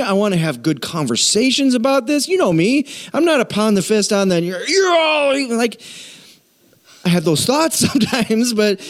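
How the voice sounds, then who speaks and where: Man, pastor, sermon, earnest, emphatic, conversational, high voice.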